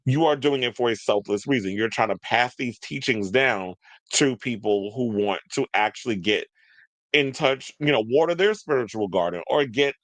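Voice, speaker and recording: A man offers casual, opinionated commentary on celebrity news, chatting and rambling off into asides as an entertainment commentator. His voice is medium-pitched, with no echo.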